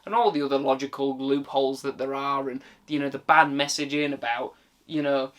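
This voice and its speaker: A man's voice: medium pitch, fairly even intonation, brisk, fairly bright tone. A British man giving a casual, exasperated film rant, full of swearing and filler words. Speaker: film reviewer. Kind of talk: casual ranting commentary.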